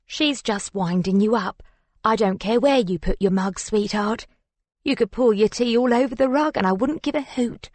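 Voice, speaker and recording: A woman's voice: a little high, normal speed, a little mellow, dry recording, voice pushed up, lightly acted. A woman voicing an affectionate, fussing middle-aged mother in an audiobook. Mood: soothing. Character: warm middle-aged British mum, fussing. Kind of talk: audiobook character voice.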